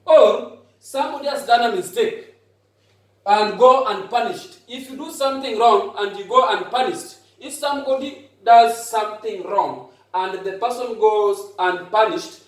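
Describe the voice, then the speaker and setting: A man teaching English vocabulary to a class, patiently repeating each phrase slowly to drive it home. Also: high voice. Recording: very echoey room, voice far off.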